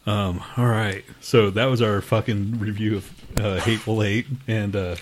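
A man's voice: on the low side, steady tone, normal speed, a little hiss or hum. A man hosting a podcast in casual chat, crude and joking, swearing often and laughing a lot. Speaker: podcast host.

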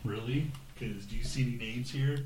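A man's voice: medium pitch, normal speed, a little mellow. Profane, teasing male podcast host. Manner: profane, teasing, laughs often. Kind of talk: crude casual banter.

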